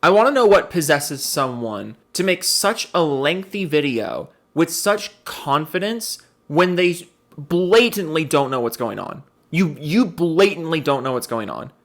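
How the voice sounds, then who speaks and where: A man's voice: on the high side, animated, a little slow. A young adult man giving sarcastic reaction commentary on a video clip, rambling and swearing as he picks the speaker's points apart.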